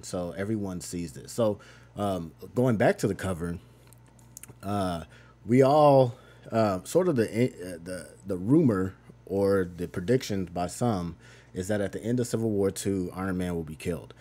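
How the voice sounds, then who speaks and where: Man, comic reviewer, rambling casual recap, lowish voice, dark mellow tone. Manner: rambling, loosely paraphrases characters in an offhand tone.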